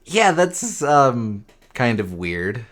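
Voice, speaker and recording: A man's voice: mid-range voice, big pitch swings, extremely slow. A man playing a game on stream with easy, jokey commentary. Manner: easygoing, jokey. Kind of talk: casual gameplay commentary. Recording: stream mic with loud game music.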